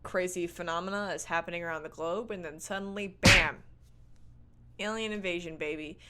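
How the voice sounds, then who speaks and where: This is a young woman reviewing a movie in a casual vlog, her voice sitting a little low. She riffs with a playful, sarcastic edge and swears offhandedly. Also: fairly even intonation, quick pace, heavy background noise.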